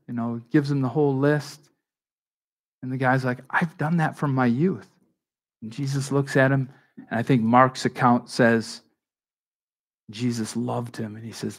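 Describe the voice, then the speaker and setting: A man preaching a sermon in a conversational, animated way, acting out the dialogue of Bible figures. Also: mid-range voice, normal speed. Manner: conversational with frequent restarts and asides. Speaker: pastor.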